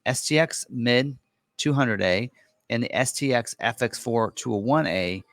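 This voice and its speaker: A man presenting a truck ordering guide gives a casual walkthrough of an online configurator, loosely talking through the vehicle options on screen with lots of fillers and self-corrections. His medium-pitched voice is animated and fairly bright, his pace a little slow, and there's no echo.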